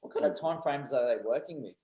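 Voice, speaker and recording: Joking host in an echoey room. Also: male voice, medium pitch, brisk, warm tone, a little hiss or hum. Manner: laughs easily, joking. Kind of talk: casual chat.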